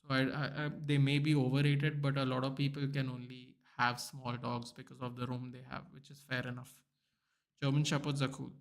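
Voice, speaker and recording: A man's voice: mid-range voice, level tone, fairly quick, vocal fry. A young man, chatting casually to viewers during a live football watchalong stream. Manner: chatty, reacting aloud to chat, many restarts and "bro", "dude".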